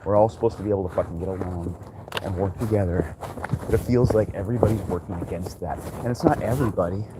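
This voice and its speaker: A man's voice: deep voice, fast. Frustrated, swearing man ranting outdoors. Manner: frustrated, swearing, rambling with many restarts. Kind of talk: ranting monologue while walking dogs. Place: outdoors on a walk. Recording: noisy outdoor ambience.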